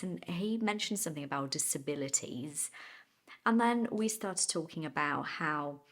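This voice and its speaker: A woman English teacher telling a personal story as a lesson, chatty, laughing now and then, and stopping to explain idioms. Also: sits low.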